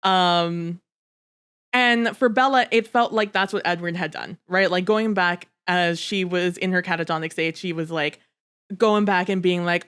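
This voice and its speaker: A woman co-hosting a casual book discussion podcast, chatty and animated, acting out characters' lines and swearing casually. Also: fairly low pitch, a little slow, clean tone. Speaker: podcast co-host.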